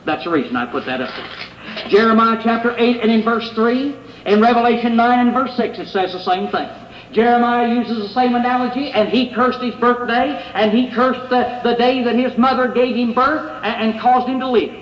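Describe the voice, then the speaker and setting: High-voiced man preaching in an echoey hall. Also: lo-fi sound, slight background noise. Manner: earnest, pleading, reads scripture aloud with pauses. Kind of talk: sermon. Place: church sanctuary. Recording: echoey hall, faint room ambience.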